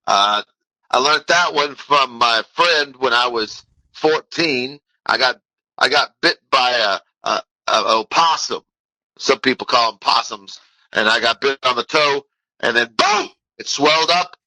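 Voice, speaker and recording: A man plays an old dead football coach ringing in from the afterlife. He rambles and ties unrelated things together in a sharp, very bright voice, and his pitch jumps suddenly. The sound is dry and close. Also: animated, measured pace, no room sound, heavily acted, poor audio. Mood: rambling. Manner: rambling, nonsensical, jumps between stories.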